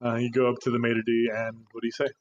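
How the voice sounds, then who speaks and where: A man narrating as game master, halting and relaxed with many fillers. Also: medium pitch, highs cut off, a little hiss or hum.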